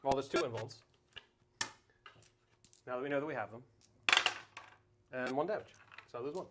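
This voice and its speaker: A man in a relaxed live-streamed tabletop match, talking through the rules as he goes and working them out aloud. His voice sits at an ordinary middle pitch. A faint hiss runs under the recording. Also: moderate pace. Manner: thinks aloud while checking rules. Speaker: tabletop wargame player. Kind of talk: casual live-streamed game chat.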